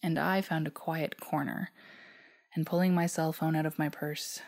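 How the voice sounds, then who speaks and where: A woman from Newfoundland reads her own reflection in a very low voice with a gravelly fry. She keeps a soft, measured pace and at times drops nearly to a whisper. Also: steady tone. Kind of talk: reading a personal reflection aloud.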